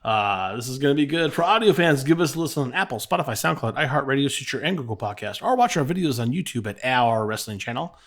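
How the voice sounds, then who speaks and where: A man co-hosting a wrestling podcast. He reads plugs and biography notes in a lively voice that swings up and down, and he laughs often between lines. His tone is loose and friendly, with a middle pitch. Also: fast talker, few pauses. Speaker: podcast co-host reading the segment notes. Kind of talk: casual podcast chat with read-out bio notes.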